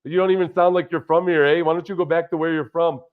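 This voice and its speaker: A man's voice: fairly high pitch, fairly even intonation, fast talker, phone-quality sound, voice pushed up, close to an everyday voice. A man putting on the voice of a rude woman, in a sneering, mocking way. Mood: taunting. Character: rude woman with a Canadian accent.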